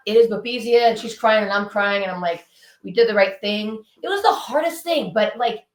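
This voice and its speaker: A woman in her thirties, a punk band musician, telling stories animatedly in a casual interview chat from her home, swearing freely. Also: on the low side. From Southern California. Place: home, indoors with dogs. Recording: echoey room.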